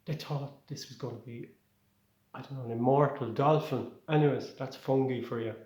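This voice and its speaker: Irish guy rambling through a comedy bit, normal pitch, lots of room echo. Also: steady tone, moderate pace, darkish tone. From Ireland. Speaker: stand-up comedian. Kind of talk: online stand-up set.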